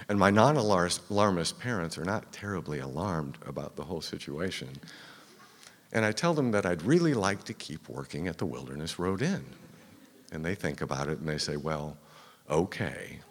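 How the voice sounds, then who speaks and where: A man telling a true story to a live audience, dramatic and first-person. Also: low-pitched. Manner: dramatic first-person telling, drops to a whisper at tense moments. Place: stage in a theater. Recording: long reverb of a live theater hall.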